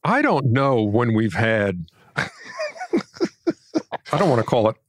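A man's voice: medium pitch, very animated, takes it slowly, no room sound, studio quality. A man co-hosting a casual chat, easygoing and self-deprecating. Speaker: co-host.

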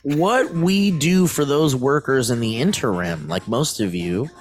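A man's voice: mid-range voice, expressive, measured pace. A man co-hosting a casual podcast, reading news aloud and rambling off with lots of fillers. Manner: rambling, lots of fillers, bursts into silly voices. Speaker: podcast co-host.

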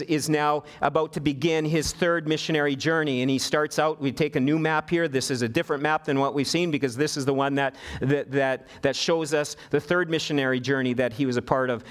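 A middle-aged man preaching a sermon as pastor, earnest and given to repeating words as he stresses a point. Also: on the high side.

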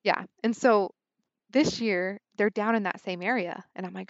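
A young woman telling a story in a casual, animated way, peppered with "like" and acting out her own thoughts. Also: medium pitch, moderate pace, no room sound, highs cut off. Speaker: podcast guest, hunter.

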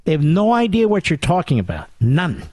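A man's voice: on the high side, huge pitch swings, a little fast, a little mellow, no echo. A man hosting a political talk radio show, delivering a combative, sarcastic monologue.

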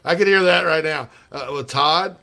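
A man's voice: fairly high pitch, normal speed, bright, forceful tone. A man hosting sports radio, rambling and joking in casual banter with bursts of laughter.

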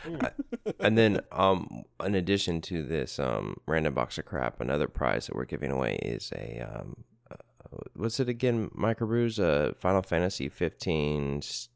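Deep creaky podcast co-host man. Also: big pitch swings, moderate pace, no room sound, clean studio sound. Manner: rambling, laughs along, loose with word order. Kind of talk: casual chat.

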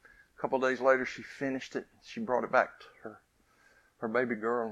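A man preaching a sermon, telling a family story with lively rises and soft, hushed endings. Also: medium pitch, fairly quick, dry recording.

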